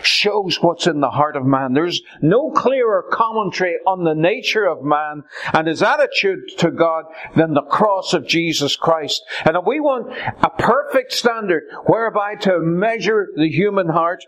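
Guy preaching a sermon, pitch jumping all over, goes from shouting to whispering. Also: measured pace. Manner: animated, swings from loud cries to hushed whispers.

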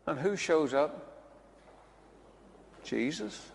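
A man's voice: sits high, a little slow, in a large hall, background noise. A male preacher giving a sermon to a congregation, chatty, with joking asides and chuckles. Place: church hall before a congregation.

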